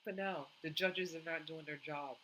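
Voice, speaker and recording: A woman's voice: deep voice, steady tone, moderate pace, bright, forceful tone, a little hiss or hum, poor audio. A woman giving opinionated reaction commentary, indignant and emphatic, repeating herself. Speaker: commentary vlogger.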